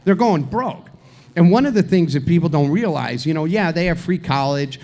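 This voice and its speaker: A man co-hosting at a live event venue speaks briskly with lively intonation, his voice a bit high and a little mellow. He rambles through a story packed with crude jokes, restarting repeatedly in casual banter.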